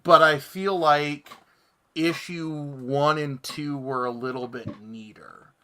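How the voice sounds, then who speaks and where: Male host of a comics chat, unhurried and laid-back, reads viewer comments aloud. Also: a little high, sharp tone. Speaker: podcast host. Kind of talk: casual chat.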